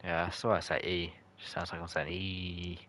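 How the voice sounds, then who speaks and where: A man with a low, deep voice casually narrates his football video game on a live stream. He chats loosely with viewers and calls them by name. He jokes in slang and swears when a match goes against him. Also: little pitch movement, moderate pace, fairly bright tone. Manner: chatty and loose, answers chat viewers by name. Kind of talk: casual live-stream commentary, reacting to chat.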